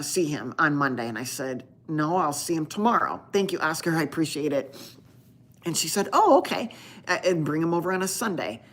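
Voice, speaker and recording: A woman with a low voice hosts a live stream from home. She chats casually with her viewers and rambles through her stories, restarting her sentences often. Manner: rambling storytelling with many restarts. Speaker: doctor hosting a live Q&A stream.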